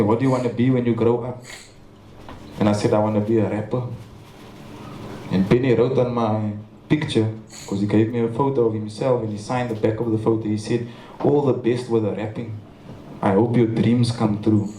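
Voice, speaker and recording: With a lowish, dark voice, a young Cape Town man from South Africa delivers a memorial tribute speech, earnestly telling stories and stammering now and then. The large venue's hall echoes, and there's faint ambience plus slight background noise.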